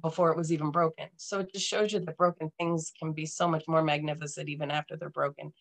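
A woman's voice: sits low, flat delivery, quick pace. A woman speaking as a podcast guest, telling her personal story in a frank, earnest and emphatic way.

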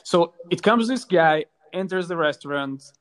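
Hesitant man, a bit higher voice. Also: expressive, a little slow, fairly bright tone. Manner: hesitant, many fillers and restarts, playful. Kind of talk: casual chat.

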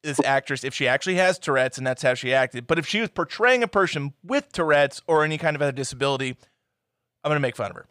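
In a clean, echo-free studio recording, a man co-hosting a podcast talks fast in a casual movie-review chat. Animated and swearing, he mimics film characters in mocking, high-pitched shouts.

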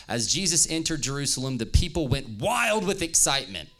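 Playful male pastor, bright tone, animated delivery, reads scripture. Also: fairly high pitch, fairly quick, hardly any pauses. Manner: playful, joking with the audience, reading scripture aloud. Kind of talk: lively youth-service sermon with scripture reading.

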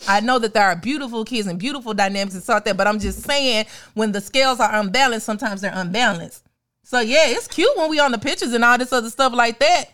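A young woman rants her way through a casual podcast chat, her voice on the higher side. She gets animated as she acts out little scenes in exaggerated voices. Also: fast talker. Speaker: podcast co-host.

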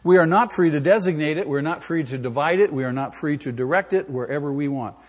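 In a church sanctuary, a male pastor preaches an emphatic sermon, posing questions to the congregation. His voice is fairly high and slightly rough, and he talks fast, with a long hall reverb on the recording.

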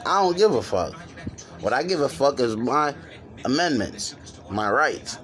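A man's voice: mid-range voice, sing-song, measured pace, a bit bright. A man hosting his first podcast, talking casually, profane and joking. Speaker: podcast host. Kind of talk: casual chat.

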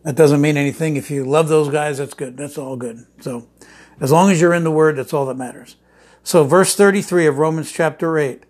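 A man's voice: fairly high pitch, moderate pace, a little mellow. A man preaching a sermon, telling stories with many restarts and fillers, then building to emphatic declarations.

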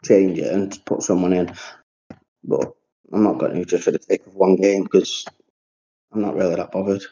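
A man's voice: low voice, level tone, normal speed, warm tone, slightly rough. A man co-hosting a podcast, chatting casually, rambling and swearing freely. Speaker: podcast co-host. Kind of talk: casual chat. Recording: dull lo-fi audio.

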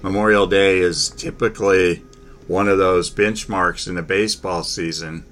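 A man hosting a casual sports talk chat, halting, with many fillers and restarts. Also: low-pitched, steady tone, fairly bright tone, slight background noise.

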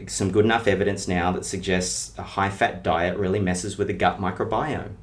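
A man's voice: low-pitched, fairly even intonation, moderate pace. A middle-aged man, a health coach explaining his methods with analogies and stories in a casual interview. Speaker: health and weight-loss coach.

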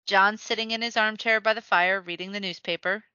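A playful woman co-hosting a casual podcast, setting up scenes for her partner. Her voice is bright and forceful. The recording is dry and slightly muffled. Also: medium pitch, fairly even intonation, brisk, clear, resonant tone, no echo. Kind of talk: casual fan chat.

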